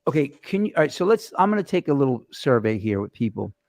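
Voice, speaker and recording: A man hosts a loose chat, his voice gravelly with fry and picked up dry and close. He rambles from story to story, animated and profane, at a middling pitch. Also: fast talker, dry recording. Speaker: host. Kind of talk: casual chat. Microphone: webcam or phone camera mic.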